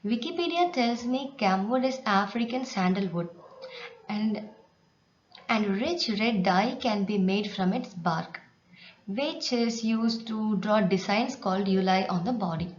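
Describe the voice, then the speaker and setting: A woman teaches slowly and patiently, reading a story aloud and stopping to explain words. Her voice sits in an echoey room, and the recording is dull with a faint hiss behind it. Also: mid-range voice.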